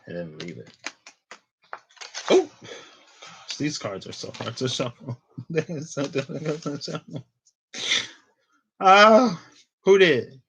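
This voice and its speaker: A man's voice: mid-range voice, big pitch swings, slow, long pauses, a bit bright, slight background noise, rough recording. A man in his twenties giving a casual tarot reading, chatty and rambling off into tangents. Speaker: tarot reader.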